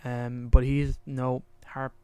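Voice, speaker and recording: A man's voice: mid-range voice, flat delivery, takes it slowly, mellow, smooth. A man co-hosting a podcast in casual chat, animatedly retelling a story and acting out the lines, sometimes trailing off to recall details. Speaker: podcast co-host.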